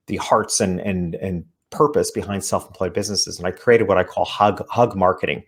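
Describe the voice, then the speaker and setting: A man, an author guesting on an interview show, talking earnestly as he explains his ideas. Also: on the low side. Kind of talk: interview conversation.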